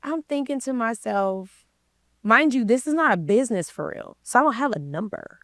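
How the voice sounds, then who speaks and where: A woman's voice: a little high, moderate pace, no room sound. A woman guest in an interview, telling a story in casual slang and acting out the people in it. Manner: lively storyteller, slangy, acts out quoted people. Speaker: interview guest, credit repair coach.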